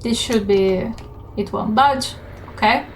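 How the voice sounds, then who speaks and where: A woman streamer giving gaming stream commentary, chatty and unhurried with many fillers. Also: medium pitch, slight background noise. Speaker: game streamer.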